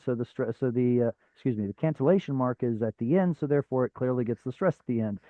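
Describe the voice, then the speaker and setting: A man's voice: mid-range voice, animated, a little fast, few pauses, dry recording, phone-quality sound. A man teaching a Hebrew reading class over a video call, patient and step by step, with frequent fillers. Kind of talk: live online class teaching.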